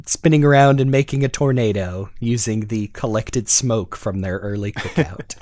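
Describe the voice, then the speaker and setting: A man talking casually on a podcast, his voice dry and close with no room sound. He rambles, restarts his thoughts and giggles often. His pitch sits in the middle. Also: a little slow, darkish tone, no echo. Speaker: podcast co-host. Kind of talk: casual chat.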